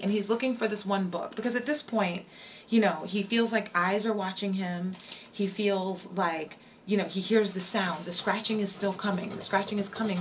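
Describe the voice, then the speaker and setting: A woman streamer spins a spooky tale for her viewers in an easy, chatty way. She repeats her lines, stops to answer the chat, then goes back to the story. Her voice sits at a middle pitch. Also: slight background noise. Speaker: live streamer. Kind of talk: storytelling on a livestream.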